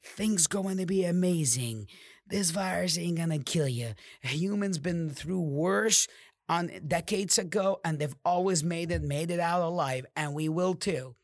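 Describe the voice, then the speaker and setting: A man's voice: a little slow, no echo, clean studio sound. Profane fired-up male podcast host. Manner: profane, fired-up preaching with sudden drops to low growls. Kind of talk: motivational monologue.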